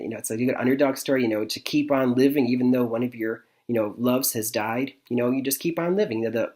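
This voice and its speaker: A man's voice: mid-range voice, a little mellow. A man from Michigan reviewing movies in a casual vlog, rambling, with lots of fillers and chuckles. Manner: rambling, many fillers and restarts, frequent chuckles.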